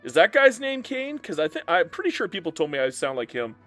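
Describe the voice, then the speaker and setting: A man's voice: sits high, very animated, brisk, pushed and bright, soft background music. A man live-streaming a strategy game and bantering playfully with his chat as he reads their messages aloud.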